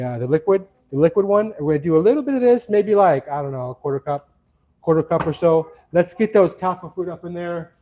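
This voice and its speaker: A man's voice: a little high, dark tone. Chatty, rambling cooking-stream man. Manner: rambling, chatty, addresses viewers as friends. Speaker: cooking livestream host. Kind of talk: casual cooking chat. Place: home kitchen.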